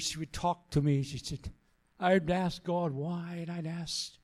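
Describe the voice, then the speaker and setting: A man's voice: fairly high pitch, steady tone, unhurried, a little mellow. A man pastor giving an earnest sermon, repeating phrases for emphasis as he tells a story and then exhorts the congregation.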